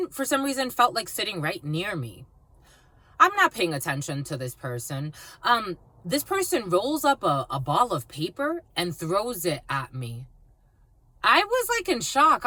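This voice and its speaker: A woman's voice: fairly low pitch, bright, forceful tone, no echo. A woman reading cards for her viewers, telling a story in a blunt, profane, casual way. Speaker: psychic card reader.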